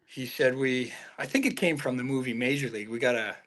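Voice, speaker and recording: A man appearing as a podcast guest who remembers old teammates in a relaxed, casual way. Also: medium pitch, fairly quick. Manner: relaxed, reminiscing. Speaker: podcast guest, hockey scout. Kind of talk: casual chat.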